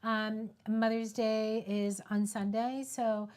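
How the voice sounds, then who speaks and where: A woman's voice: fairly high pitch, level tone, a little mellow. Tearful, heartfelt woman photographer live-streaming. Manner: heartfelt, pausing, fighting back tears. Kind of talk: casual live-stream talk.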